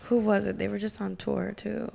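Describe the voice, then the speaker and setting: A woman's voice: medium pitch, flat delivery, moderate pace, creaky, a loud crowd. A young woman chatting casually as a podcast guest, laughing often and filling her talk with likes and ums. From Mexican-American, from California. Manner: giggly, lots of likes and ums. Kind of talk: casual chat.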